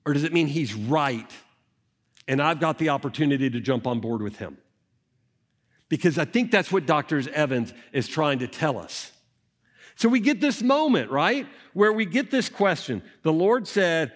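A man preaching a conversational sermon, animated and full of rhetorical questions. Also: fairly high pitch, normal speed.

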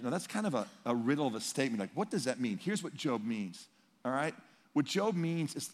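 A male pastor preaching a sermon in a conversational, emphatic way, swinging between loud and hushed. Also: mid-range voice, expressive, normal speed. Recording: long reverb in a large hall.

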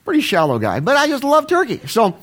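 A man's voice: very high voice, huge pitch swings, brisk, fairly bright tone. A man, preaching a folksy, rambling sermon with self-deprecating asides. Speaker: pastor.

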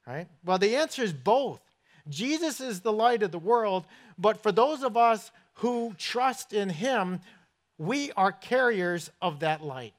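A pastor from southern New England preaches a sermon in church, his high voice carrying a lively intonation at a measured pace. He speaks with a New England accent in a conversational, storytelling way, putting questions to his listeners.

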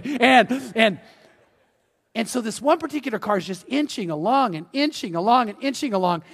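A male pastor preaching in an animated, conversational way, often restarting his sentences. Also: very high-pitched, a little fast, breathy edge. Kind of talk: sermon. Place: church sanctuary. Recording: long hall reverb.

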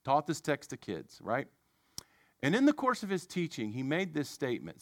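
A man preaching a sermon, telling a story in a conversational, animated way with self-deprecating asides. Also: fairly high pitch, normal speed, dry recording, clean studio sound.

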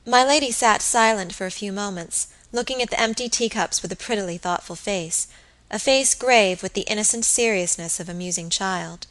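A woman narrates a classic novel as an audiobook reader. Her delivery is steady and even, with a bright, clear tone. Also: mid-range voice, normal speed, rough recording. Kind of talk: scripted narration.

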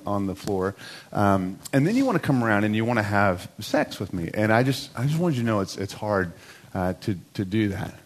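A middle-aged man giving a church talk with a conversational, self-mocking story. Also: on the low side.

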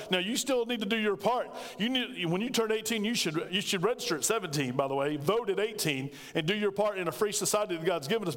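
A man's voice: high-pitched, a bit bright, long reverb tail. A man, a pastor preaching an emphatic, conversational sermon that calls out to his congregation. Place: church sanctuary.

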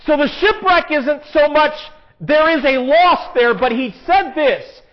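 A man's voice: very high voice, a little slow. A man preaching a sermon in an earnest, conversational way, with emphatic rises. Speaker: pastor. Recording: dull, lo-fi sound.

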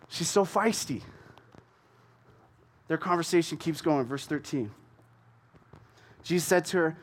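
A man teaching from the Bible in a relaxed, conversational way. He retells the passage in plain, everyday words with animated energy. His voice sits fairly high. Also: measured pace, long pauses.

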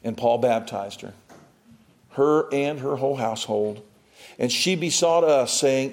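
A man preaching a sermon, reading scripture and breaking into animated asides to his congregation. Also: mid-range voice, measured pace.

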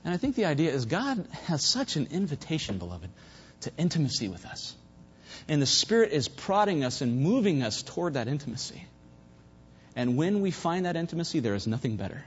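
A man preaching a sermon at a church service, fervent, swinging between loud emphasis and hushed asides. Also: fairly high pitch, very animated, brisk, slightly rough. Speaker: pastor. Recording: dull lo-fi recording.

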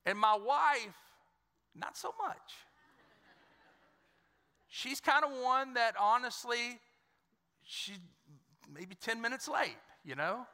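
A man's voice: very high voice, expressive, takes it slowly, long pauses, pushed and bright. A man preaching a sermon to his congregation, emphatic and repeating words, calling out for responses. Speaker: pastor. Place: church sanctuary. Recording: church hall reverb.

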